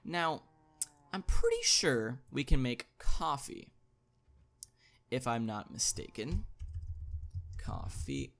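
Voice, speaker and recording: A man hosting a gaming video, thinking aloud as he plays, chatty, with excited interjections. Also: mid-range voice, takes it slowly, long pauses. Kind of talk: casual gameplay commentary.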